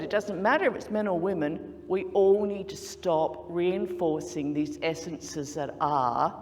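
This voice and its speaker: A woman's voice: deep voice, a little mellow. A woman with an Australian accent giving an earnest, persuasive contest speech in a large conference hall.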